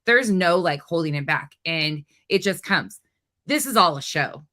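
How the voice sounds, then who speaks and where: A woman's voice: lowish voice, animated, a little slow, bright, forceful tone. A woman hosting a reaction commentary, ranting bluntly and indignantly with profanity and sarcastic mockery. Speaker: commentary channel host.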